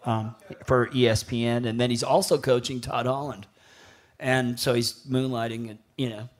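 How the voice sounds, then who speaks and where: Guy in his 50s swearing a lot, laughing thru his stories, lots of restarts, ordinary pitch. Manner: profane, laughing, rambling with restarts. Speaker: guest, former pro surfer. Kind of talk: casual storytelling.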